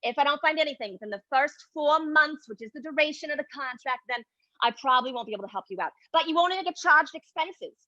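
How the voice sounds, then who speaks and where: A woman's voice: high-pitched, expressive, fast, bright, forceful tone, dry recording, dull audio, pitched above the performer's own voice. A woman playing a brash, self-important middle-aged adoption searcher with a New Jersey accent, in a solo stage monologue. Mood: brash, breezy. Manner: self-important, breezy, defensive.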